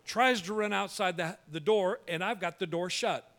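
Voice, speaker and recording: Animated storytelling male pastor, bright tone. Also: high-pitched. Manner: animated, humorous anecdote with quick restarts. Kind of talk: sermon storytelling.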